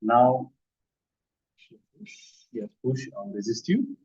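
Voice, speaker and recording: A man's voice: mid-range voice, big pitch swings, slow pace, a little mellow, husky. A man teaching physiotherapy techniques, demonstrating on a partner with short commands mixed with explanations. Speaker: physiotherapy instructor. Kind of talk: hands-on demonstration with verbal cues. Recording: dull, lo-fi sound.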